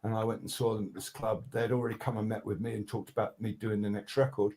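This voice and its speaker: A man's voice: on the low side, quick pace. Older man swapping studio stories. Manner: animated, swears freely, acts out quotes; many restarts and fillers. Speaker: guest record producer. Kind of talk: casual anecdotal storytelling.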